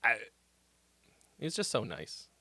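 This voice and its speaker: Lively guy rambling on a livestream, cursing a lot, super expressive pitch, dry close sound. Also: unhurried, dry recording. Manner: animated, profane, rambling. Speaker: music critique livestream host. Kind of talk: casual livestream chat.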